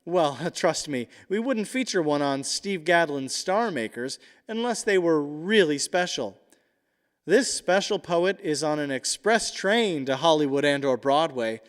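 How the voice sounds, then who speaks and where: A man's voice: a little high, animated, a little slow, big-room sound. A man introducing the next act on a comedy show in a playful, theatrical way. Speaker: show announcer.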